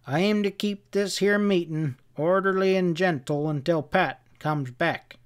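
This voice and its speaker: Man doing a cold western gunman, slow drawl, raised pitch, storybook. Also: clear, resonant tone. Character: cold, steely male gunman holding a room.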